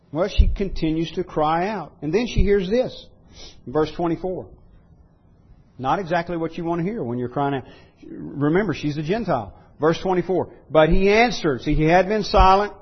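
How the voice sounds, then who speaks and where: Earnest husky male preacher. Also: a little high, expressive, moderate pace, dull audio. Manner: earnest preaching, rising to loud pleading quotes. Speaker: pastor. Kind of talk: sermon.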